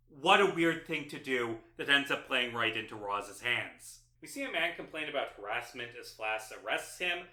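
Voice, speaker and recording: A man's voice: a little high, pushed and bright, roomy sound. A man narrating a sarcastic video essay, exasperated and mocking as he picks apart a film.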